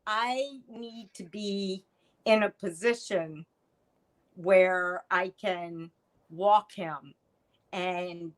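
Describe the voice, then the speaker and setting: Guest, middle-aged woman, unhurried delivery, animated storyteller. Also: medium pitch, low-quality recording. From United States. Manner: animated storyteller, acts out quoted lines. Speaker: podcast guest, artist. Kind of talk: storytelling interview chat.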